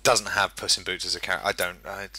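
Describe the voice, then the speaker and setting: A man's voice: low voice, fairly even intonation, quick pace, bright, forceful tone, breathy edge, dry recording. A man hosting a casual podcast chat, teasing and joking, often restarting his sentences. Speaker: podcast host.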